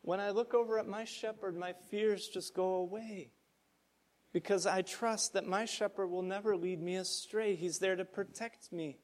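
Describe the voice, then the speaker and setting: Calm trusting sheep, gentle and reassuring , voiced by a male pastor. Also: high-pitched, moderate pace, natural voice.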